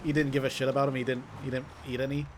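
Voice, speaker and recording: A man's voice: mid-range voice, level tone, racing, slight background noise. A young man co-hosting a game stream, talking in a laid-back, rambling way with chuckles. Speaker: streamer and co-host. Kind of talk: casual chat.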